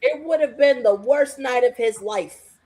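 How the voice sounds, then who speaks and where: A woman co-hosting a podcast watch party, loud, excitable and profane, yelling at the screen. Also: high voice, measured pace. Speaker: podcast co-host. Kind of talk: casual watch-party chat.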